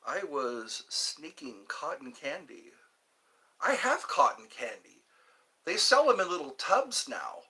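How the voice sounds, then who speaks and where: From home, a man hosts a casual livestream, cheerfully rambling between topics and answering viewer comments. His bright, slightly high voice moves slowly but leaps in pitch, especially when he greets viewers, and he's chatty and animated.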